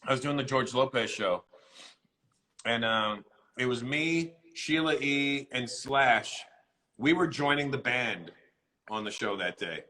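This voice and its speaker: A middle-aged male comedian with a bright, forward voice, chatting casually in an interview. He tells animated stories and acts out the voices of the people in them. His pitch sits in the middle range for a man. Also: measured pace, poor audio.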